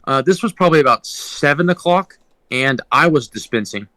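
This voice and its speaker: Young guy rambling through a work story on a podcast, bright voice, dry close mic. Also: fairly high pitch, animated, normal speed, no echo, low-quality recording. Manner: rambling, with many ums and restarts. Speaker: podcast co-host. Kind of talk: casual storytelling.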